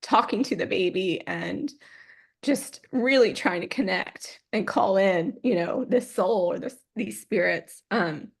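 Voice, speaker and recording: A woman in her forties, a podcast guest, telling a personal story in a lively, unfiltered way, acting out what people said. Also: mid-range voice, a little slow. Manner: animated, acts out quoted dialogue, swears freely.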